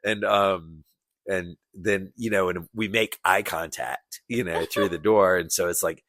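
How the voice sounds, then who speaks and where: A man's voice: sits low, unhurried, fairly bright tone, no echo. A man guest on a casual podcast, telling a rambling story with lots of fillers and laughter.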